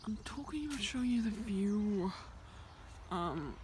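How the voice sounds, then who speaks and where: Nervous, chatty young woman, swooping pitch. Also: animated, a little slow, darkish tone. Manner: nervous, chatty, often drops to a whisper. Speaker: vlogger. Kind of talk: casual walking vlog. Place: outdoors on a rural hillside. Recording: noisy outdoor recording.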